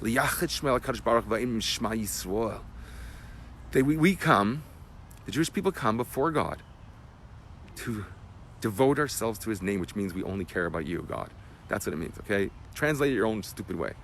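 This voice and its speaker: A man, a rabbi, giving an emotional Torah class that swings from loud bursts to hushed whispers. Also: on the low side, normal speed, a little hiss or hum. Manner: animated, emotional teaching.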